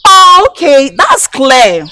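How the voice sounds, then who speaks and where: Scolding Ghanaian woman, high-pitched. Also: very animated, slow pace, a crowd in the background. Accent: Ghanaian English. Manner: scolding, demanding, broken English. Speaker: canteen cook. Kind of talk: comedy skit acting.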